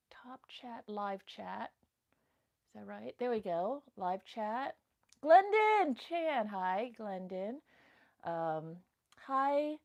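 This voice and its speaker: A woman's voice: mid-range voice, darkish tone. A woman hosting a casual livestream, nervous and giggly, who whispers to herself between remarks. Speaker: livestream host. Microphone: phone mic.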